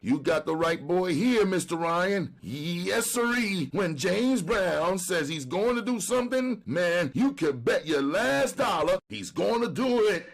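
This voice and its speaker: A man's voice: high-pitched, expressive, unhurried, gravelly, few pauses, pitched above the performer's own voice, heavily acted. A man voicing a desperate male junkie informer who whines and pleads with the police. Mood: pleading. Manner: whining, pleading.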